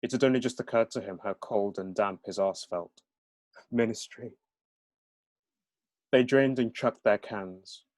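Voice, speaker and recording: A man's voice: fairly low pitch, moderate pace, few pauses, a little mellow, no echo. A male author talking at a book event and reading from his novel, with many hesitations.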